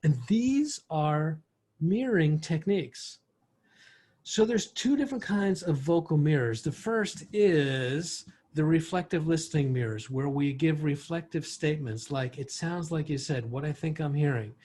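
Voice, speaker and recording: A man's voice: fairly high pitch, measured pace, a little mellow, husky. A man teaching communication skills in an online workshop, explaining with worked examples over a video call. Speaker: workshop instructor.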